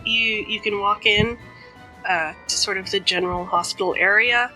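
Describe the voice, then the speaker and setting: A woman's voice: medium pitch, normal speed, pushed and bright, faint music behind, low-quality recording. A woman running a tabletop game as game master, talking casually and hesitantly. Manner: casual, hesitant, lots of fillers.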